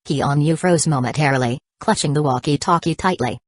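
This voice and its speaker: A woman narrating an action novel as an audiobook, reading in an even, steady way. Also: low voice, fast talker, hardly any pauses, no room sound.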